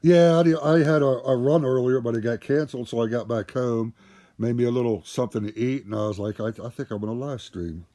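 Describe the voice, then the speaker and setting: A man's voice: mid-range voice, a little fast, mellow. A man from Ohio hosting his live stream and joking and teasing his guests in casual chat. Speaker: streamer, truck driver.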